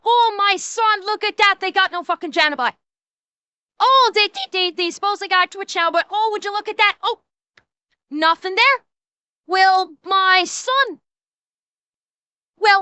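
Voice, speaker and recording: A woman's voice: extremely high pitch, bright, forceful tone, no echo, voice pushed up, full character voice. A woman voicing a brash, scolding Newfoundland woman with a thick accent and a mocking, sing-song delivery, as part of a streamer reaction rant. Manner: mocking, sing-song, heavy dialect slang.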